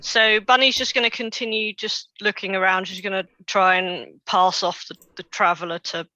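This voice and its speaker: A woman playing a tabletop game, asking questions in character in a playful, quick-laughing way. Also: medium pitch, steady tone, bright, forceful tone, no room sound, highs cut off. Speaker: player.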